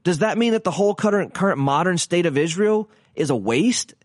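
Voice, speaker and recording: Male podcast teacher, slightly high voice, earnest and conversational, dry close sound. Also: expressive, fairly quick, no echo. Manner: earnest, conversational, with frequent restarts and rhetorical questions.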